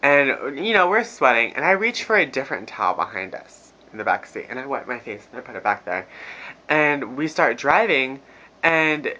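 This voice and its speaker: Young male vlogger, crude laughing rant, sharp voice, lo-fi phone recording. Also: mid-range voice, normal speed. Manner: profane, laughing, animated storytelling. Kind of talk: casual storytelling rant. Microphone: phone camera.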